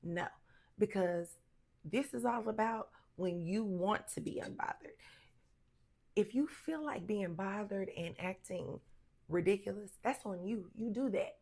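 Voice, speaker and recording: A woman with a mid-range voice talks straight to camera in a casual advice vlog. She is blunt and sassy, and her voice jumps up for emphasis. At times she slows down and goes quiet and calm to drive a point home. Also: mid-range voice. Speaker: lifestyle advice vlogger.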